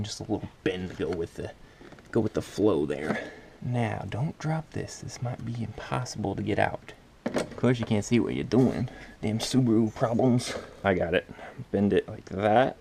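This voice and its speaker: A man's voice: on the low side, creaky, a little mellow, a little hiss or hum. A man talking casually through a car part install, muttering to himself and swearing while he works under the car. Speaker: car DIY vlogger.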